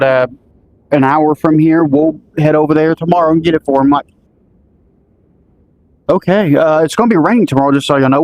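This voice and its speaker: A man casually telling a road story, rambling and restarting, acting out the dialogue he recalls. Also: fairly high pitch. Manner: rambling, restarts often, acts out quoted dialogue.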